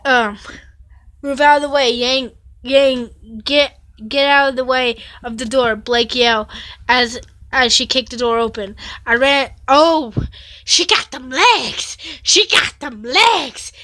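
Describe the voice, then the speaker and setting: Bright-voiced woman reading fan fiction aloud. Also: a little high, fairly even intonation, a little slow, no room sound. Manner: breaks off to react with dramatic exclamations; stumbles and corrects herself often.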